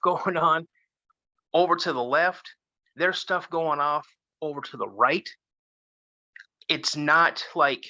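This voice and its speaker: A man in his fifties tells a first-person story in an animated way, with frequent restarts. His voice is bright and forceful, with no room sound at all. The audio is dull and lo-fi, like a remote call. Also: on the high side, no echo. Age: 50s. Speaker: guest.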